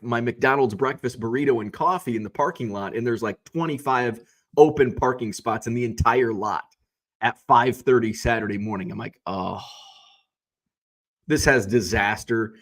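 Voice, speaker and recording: Hoarse, rambling man recapping casually. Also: medium pitch. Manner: chatty, rambling, many fillers and restarts. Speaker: card show organizer and host.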